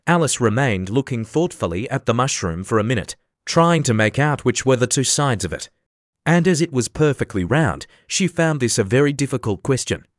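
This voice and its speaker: A man narrating a classic children's storybook as an audiobook, in a measured, gently expressive reading. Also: mid-range voice, no echo, clean studio sound.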